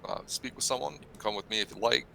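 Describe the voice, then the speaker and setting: A man voicing a goblin character in a tabletop game, speaking haltingly with many fillers. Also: mid-range voice, creaky, bright, forceful tone, a little hiss or hum, poor audio. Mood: offering help. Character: goblin character, talking quickly.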